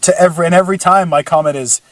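A man's voice: a little high, very fast. A young man hosting a crude, joking podcast, bantering and mocking himself. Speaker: podcast host.

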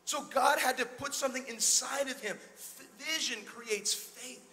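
A male pastor preaching an energetic sermon in a church, calling out to the congregation and retelling scripture in a casual, conversational way. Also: very high-pitched, normal speed. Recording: long hall reverb.

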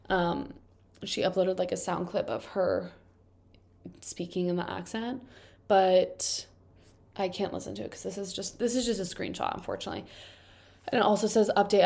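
A woman's voice: fairly low pitch, gravelly, darkish tone. Congested young woman, chatty and wry. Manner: quick, chatty, wry asides between read-out passages. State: congested from allergies. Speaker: video host reading and reacting to confession posts. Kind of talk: casual chat reading posts aloud.

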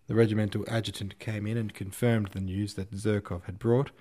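A relaxed male narrator reading a classic novel aloud. His voice sits on the low side, and he keeps his delivery plain and informal. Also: a little fast, hardly any pauses. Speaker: host and audiobook narrator. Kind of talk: audiobook narration.

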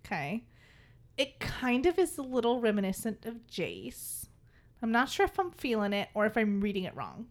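A woman's voice: on the high side, huge pitch swings, normal speed. A woman in her thirties co-hosting a casual book chat, reading passages aloud and joking, swearing casually and laughing often.

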